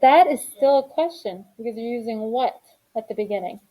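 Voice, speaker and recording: A woman's voice: a little high, lively intonation, normal speed, mellow, rough recording. A young adult woman teaching a grammar lesson in a classroom, reading each exercise aloud and then explaining the answer.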